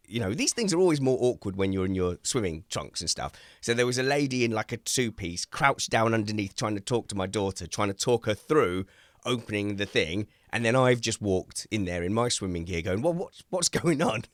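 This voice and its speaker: A man hosting a casual chat, rambling through animated anecdotes and poking fun at himself. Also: on the low side, brisk, dry recording, studio quality. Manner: rambling, animated storyteller who acts out quotes; self-mocking, laughs at his own stories. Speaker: host.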